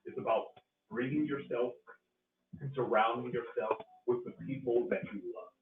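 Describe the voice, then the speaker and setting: A man hosting a casual livestream, talking in a relaxed, rambling way and often tagging "right?" onto what he says. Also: mid-range voice, moderate pace, soft background music. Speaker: host. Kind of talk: casual livestream commentary while eating. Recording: echoey, distant, phone-like with loud noise.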